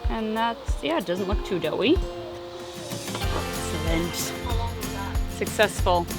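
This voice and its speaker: A woman's voice: mid-range voice, lively intonation, slow, over loud music. A woman hosting a family vlog, chatting casually as she cooks treats over a campfire outdoors. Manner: chatty, explains steps while cooking. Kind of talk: casual cooking demonstration.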